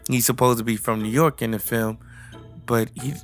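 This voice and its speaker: A man talking through his take on a film in an even, flat voice that barely rises or falls. He keeps stopping to restart his sentences. Faint music plays behind him. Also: medium pitch, moderate pace. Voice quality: flat, rambling with many restarts. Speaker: film reviewer. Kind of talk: casual movie review chat.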